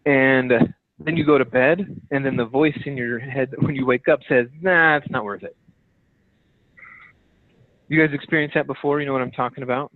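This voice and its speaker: A man's voice: medium pitch, steady tone, brisk, no room sound. A man leading his sales team on a call, giving an emphatic, direct motivational coaching talk that repeats key phrases. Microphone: phone. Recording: tinny phone-line conference call.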